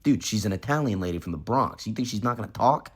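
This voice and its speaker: A young man rattles off a story at high speed, his voice slightly husky. He is animated and emphatic, swearing freely and leaning hard on every turn of the tale. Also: fast talker. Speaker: content creator. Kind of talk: casual storytime to camera.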